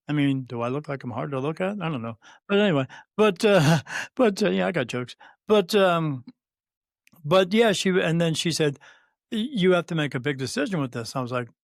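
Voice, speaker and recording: A man in his fifties, a podcast guest, telling a long personal story in casual conversation, halting with many fillers and restarts and quoting what others said. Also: a little high, creaky, dry recording, studio quality. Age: 50s. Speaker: podcast guest, spirit medium.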